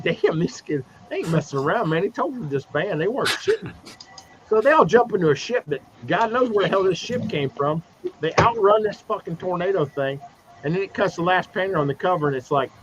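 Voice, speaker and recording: A man on a livestream video call recapping a comic book in a profane, animated way, slipping into mocking voices for the characters. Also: high voice. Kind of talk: casual livestream chat. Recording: dull lo-fi stream audio with noise.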